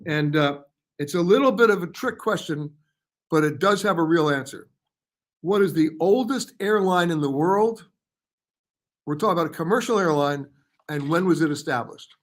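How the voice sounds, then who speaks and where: A chatty male travel host answers viewers live, reading their comments aloud and passing quick verdicts on their guesses. His voice sits a little higher than most men's, and he keeps it loose and conversational. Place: hotel or studio in Paris.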